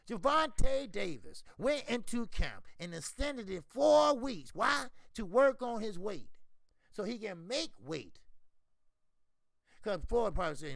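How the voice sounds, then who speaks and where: This boxing channel host's voice sits high, with vocal fry and a measured pace, captured without echo. He runs a laid-back, profane stream, animatedly talking back to viewers by name.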